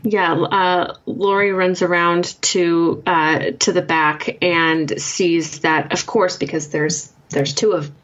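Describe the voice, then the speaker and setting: A woman's voice: on the low side, fairly even intonation, takes it slowly, hardly any pauses, a bit bright. A woman playing a tabletop game, describing her character's moves in a hesitant way, with many fillers. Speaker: player. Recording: dull lo-fi sound.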